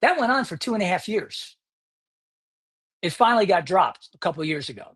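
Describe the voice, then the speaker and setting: A man's voice: sits high, sing-song, brisk, fairly bright tone, slightly rough. A man hosting his own podcast, delivering an indignant, sarcastic solo rant. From United States. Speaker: podcast host.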